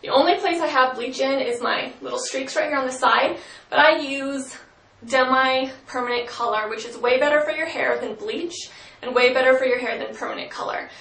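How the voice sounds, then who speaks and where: A woman's voice: sits high, moderate pace, gravelly, fairly bright tone. Chatty young woman in a roomy space. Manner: chatty, full of "um" and "like". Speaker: beauty vlogger. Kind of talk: casual hair-care tips to camera. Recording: roomy sound from a distant mic.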